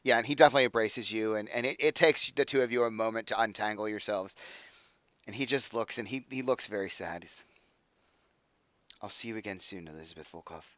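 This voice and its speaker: A young man narrating as game master, casual and halting with fillers. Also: on the low side, a bit bright, no echo.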